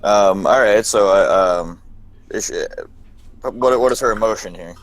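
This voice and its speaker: A man's voice: on the low side, unhurried, no room sound. A man playing in a tabletop game, hesitant and full of ums. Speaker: player.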